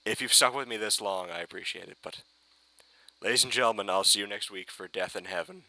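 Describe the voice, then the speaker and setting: A man ranting giddily in a fan reaction video, swearing and breaking into excited shouts. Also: on the low side, a little fast, creaky, dry recording. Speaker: fan reviewer.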